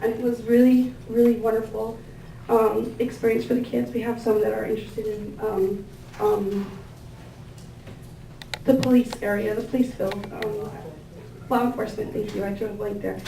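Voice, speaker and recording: A woman giving a thank-you speech at a gathering, introducing guests with warm, gushing words and many fillers. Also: on the high side, gravelly. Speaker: event organizer introducing staff and guests. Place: large indoor room with tables. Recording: echoey room, picked up from a distance, faint ambient noise.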